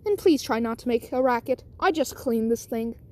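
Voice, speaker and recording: A woman voicing a courteous, fussy robot servant who speaks calmly and reassuringly. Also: on the high side, normal speed, lightly acted. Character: polite fussy robot servant, calm and tidy.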